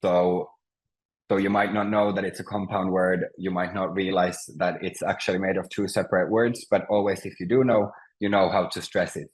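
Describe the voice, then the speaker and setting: A man's voice: sits low, steady tone, moderate pace, poor audio. Patient male language teacher on a video call. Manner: patient, hesitant, many fillers and restarts. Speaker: Finnish teacher. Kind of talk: online language lesson over Zoom. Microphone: video call mic.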